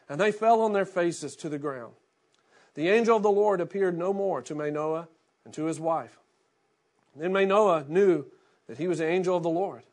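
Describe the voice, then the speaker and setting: A middle-aged pastor with a high-pitched voice reads scripture aloud, then preaches in a relaxed, storytelling manner.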